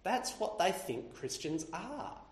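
Man, sermon, slightly high voice, swooping expressive intonation, intensity builds through lists. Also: slow. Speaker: preacher. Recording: roomy echo.

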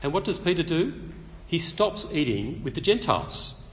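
A man preaches to a meeting in a conversational, animated way, slipping in light humor as he explains his text. His voice sits a little high and swings widely in pitch. A long reverb from the hall trails behind every phrase. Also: normal speed. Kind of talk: expository sermon at a public meeting.

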